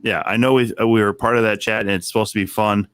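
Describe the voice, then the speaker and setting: A man's voice: lowish voice, steady tone, quick pace, fairly bright tone, clean tone, no room sound. A man co-hosting a casual wrestling podcast, profane and mock-boastful as he jokes with friends. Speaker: podcast co-host.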